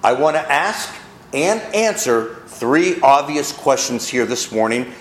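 A male pastor preaches slowly, his pitch climbing and falling with emphasis. His voice sits a little high for a man. The room adds a clear echo around him. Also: lively intonation, a little hiss or hum. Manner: preaching with rising emphasis, mocking quotes. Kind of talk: sermon. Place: church.

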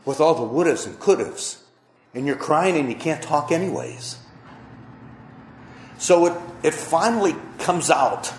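Middle-aged male preacher, emotional slow testimony, roomy echo with faint noise. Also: fairly high pitch, expressive. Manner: slow, emotional storytelling with pauses. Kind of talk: testimony sermon.

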